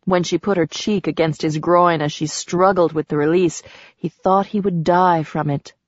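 Brief: woman audiobook narrator, even sensual delivery, close dry booth sound. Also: fairly low pitch, normal speed, dry recording. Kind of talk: scripted narration. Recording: dull dry recording.

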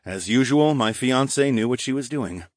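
A man narrating a first-person audiobook in steady, even storytelling from a close mic. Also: moderate pace, dry recording. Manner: steady, even storytelling, voicing dialogue slightly higher.

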